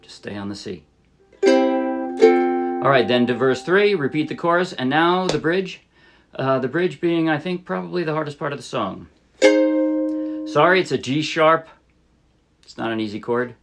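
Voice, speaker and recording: A man teaching a ukulele song in a relaxed, casual way, thinking aloud and correcting himself as he plays. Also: fairly high pitch, measured pace, pauses often, over music. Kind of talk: casual instructional talk. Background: ukulele playing.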